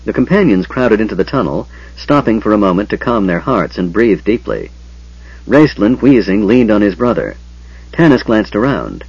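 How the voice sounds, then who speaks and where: A man narrating a fantasy audiobook with a dramatic, expressive reading. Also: on the low side, normal speed, husky, no room sound. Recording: dull lo-fi sound.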